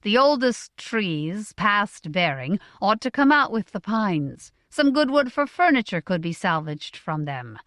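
Expressive woman reading a novel. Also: medium pitch, unhurried, few pauses, no echo, clean studio sound. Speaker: audiobook narrator. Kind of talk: scripted narration of a novel.

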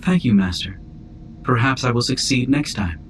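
A man's voice: medium pitch, lively intonation, normal speed, a little hiss or hum, natural voice. A man reading a polite, humble male droid who speaks deferentially to his master. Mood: apologetic. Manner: apologetic, deferential.

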